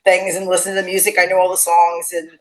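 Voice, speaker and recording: A woman in her forties tells her story as an interview guest. She talks casually and acts out other people's lines with lively energy. Her voice comes over a video call. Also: fairly low pitch, quick pace, low-quality recording. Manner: animated storytelling, acts out quotes. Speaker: podcast guest.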